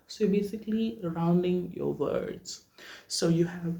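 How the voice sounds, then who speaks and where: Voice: lively intonation, measured pace, gravelly, muffled recording. A vocal coach teaching vowels in a workshop, checking in with listeners often. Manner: checks in often, demonstrates vowels at high pitch. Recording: echoey room.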